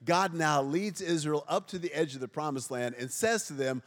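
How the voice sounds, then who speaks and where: Joking pastor in a reverberant church. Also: male voice, on the high side, normal speed. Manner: joking, self-deprecating, quizzes the congregation. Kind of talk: humorous sermon. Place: church sanctuary before a congregation.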